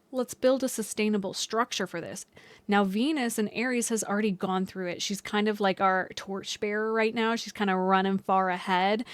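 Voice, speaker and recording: A woman's voice: mid-range voice, no echo. Chatty young woman astrologer, dry sound. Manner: chatty, loose, many fillers and restarts. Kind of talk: casual astrology vlog talk.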